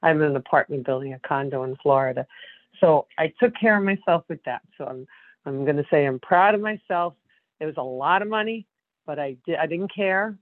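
A worn-down woman calling into a support group from her apartment, talking in a weary, halting way and breaking off mid-sentence. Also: low voice, dry recording. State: worn down, emotionally drained. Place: condo apartment. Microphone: phone. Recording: tinny phone line.

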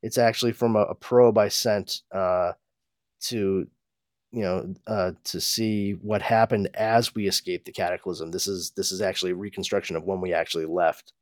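A man's voice: deep voice, steady tone, moderate pace, no room sound, lightly acted. A man voicing a brooding alien scientist father in a comic-book recap, in a lecturing, defensive tone close to his own voice.

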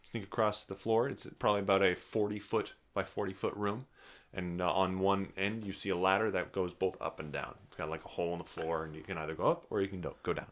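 A man's voice: low voice, fast. A man acting as game master, casually narrating a tabletop game with loose, hesitant description. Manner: casual, lively, hesitant fillers while describing.

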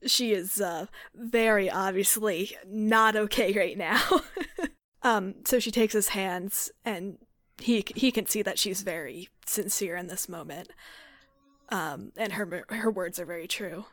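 A woman's voice: mid-range voice, unhurried, fairly bright tone, no echo. A woman describes her character's actions during a tabletop role-play. She hesitates often with fillers, and the recording is dry and close. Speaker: player. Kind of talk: narrating a tabletop game.

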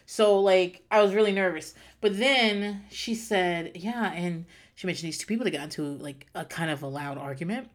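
A woman's voice: fairly low pitch, normal speed, few pauses. A woman hosting her podcast, telling a self-mocking story in a rambling, profane, casual comedic monologue. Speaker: podcast host.

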